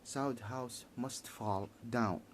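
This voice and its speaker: A man giving a heated political monologue in halting, repetitive English, restarting his sentences often. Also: mid-range voice, a little hiss or hum.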